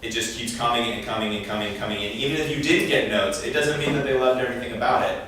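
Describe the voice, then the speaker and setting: Talking fast in a steady, medium-pitched voice, a man addresses parents at a training session in a meeting room, keeping it informal and frequently acting out dialogue. The audio is echoey and faintly noisy, with him distant from the mic.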